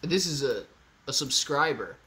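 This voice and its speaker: A man hosting a casual livestream Q&A. He reads out viewer comments, gets excited, thinks aloud and repeats himself. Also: medium pitch, unhurried.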